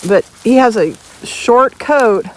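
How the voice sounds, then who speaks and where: A woman's voice: a little high, lively intonation, takes it slowly, low-quality recording. A woman dog breeder hosting a casual vlog outdoors in a pasture, talking informally about her dogs. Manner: chatty, informal, breaks off to call her dogs. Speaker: dog breeder and channel host.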